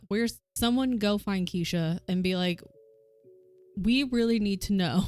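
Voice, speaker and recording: A woman from the American South with a softened Southern accent, chatting casually on a stream and swearing freely. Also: mid-range voice. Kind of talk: casual chat while coworking. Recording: faint music behind.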